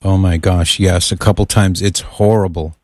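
Low-voiced man hosting call-in radio. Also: steady tone, moderate pace, no echo, clean studio sound. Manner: friendly, joking banter. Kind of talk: casual call-in radio chat.

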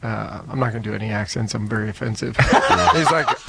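A man's voice: on the low side, fairly quick, creaky, heavy background noise. A male host chatting casually and telling stories to his guest. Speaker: podcast host. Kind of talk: casual chat.

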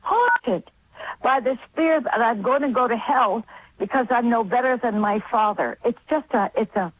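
A woman calling in to a radio show, speaking earnestly and haltingly. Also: fairly high pitch, lively intonation, slightly rough, no echo. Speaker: caller. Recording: tinny phone line.

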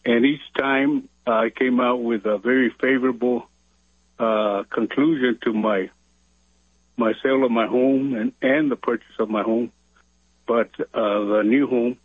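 A man's voice: mid-range voice, fairly even intonation, measured pace, slightly rough, no echo. Hesitant man on a tinny phone line. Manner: hesitant, many fillers. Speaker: caller. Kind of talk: phone-in call.

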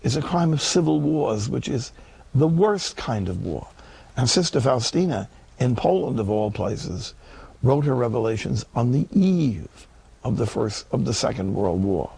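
A man preaching a sermon with an animated, emphatic delivery and wide swings in pitch. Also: measured pace, creaky, a little hiss or hum.

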